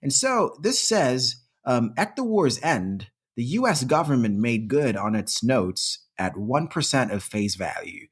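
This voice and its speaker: A man's voice: medium pitch, sing-song, a little slow, hardly any pauses, slightly rough. A man co-hosting a history podcast in a playful, teasing, casual way. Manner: playful, mock-exasperated, teasing. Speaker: podcast co-host.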